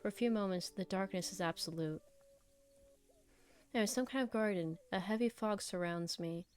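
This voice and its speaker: Woman streamer reading a story game out loud, blunt reactions, faint music behind. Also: medium pitch, normal speed, smooth. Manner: animated, blunt outbursts between calm reading. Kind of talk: reading a visual novel aloud with live reactions.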